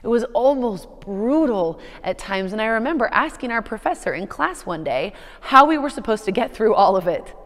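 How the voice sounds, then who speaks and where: A woman's voice: on the high side, long reverb tail. A woman pastor preaching a sermon, telling a story in a conversational way with playful asides.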